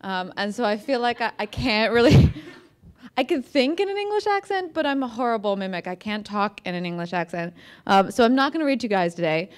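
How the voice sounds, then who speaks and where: A woman's voice: mid-range voice, fast, clear, resonant tone. An American woman author talking casually to an audience, chatty and self-deprecating, with lots of fillers and restarts. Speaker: author giving a talk. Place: museum event room.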